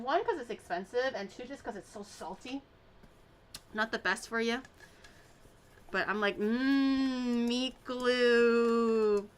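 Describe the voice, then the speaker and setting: Bright-voiced woman chatting while baking. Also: fairly high pitch, slight background noise. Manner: rambling storyteller, swears casually, many fillers. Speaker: baking video host. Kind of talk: casual chat while baking.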